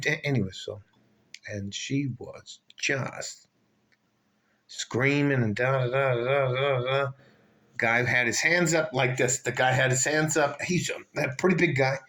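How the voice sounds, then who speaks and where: An older man vlogs a long, rambling rant of a story, cursing freely, wandering off on tangents and losing his thread. He speaks slowly and deliberately in a slightly high voice with a bright, tense edge.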